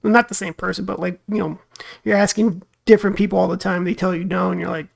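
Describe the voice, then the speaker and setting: A man's voice: sits high, steady tone, quick pace, creaky. A man hosting a reaction video, rambling and musing in casual commentary, full of fillers and acted-out quotes.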